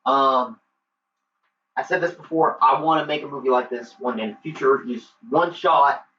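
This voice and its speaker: A man's voice: medium pitch, normal speed, bright, forceful tone, a little hiss or hum. A man giving a casual spoken movie review, eager and rambling with lots of fillers. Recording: roomy, distant, dull lo-fi.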